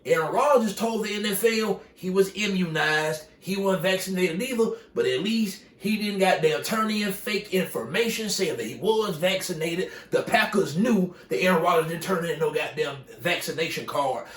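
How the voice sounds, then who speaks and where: A sports commentator with a high voice rants casually and heatedly about sports, swearing freely and repeating himself for emphasis. He talks at a normal speed with hardly any pauses, sounding far from the mic in a reverberant space.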